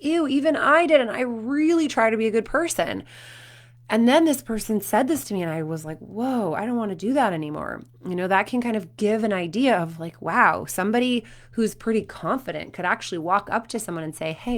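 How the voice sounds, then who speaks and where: A woman in her thirties, a performance coach, talking to parents and telling stories with acted quotes. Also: mid-range voice. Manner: animated storytelling with acted quotes.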